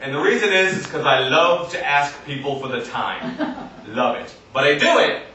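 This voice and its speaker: A man doing a deadpan stand-up comedy set in front of a live audience, acting out other voices. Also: on the high side, moderate pace, lo-fi sound. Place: comedy stage in an arts center, live audience. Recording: echoey venue recorded from a distance, noisy.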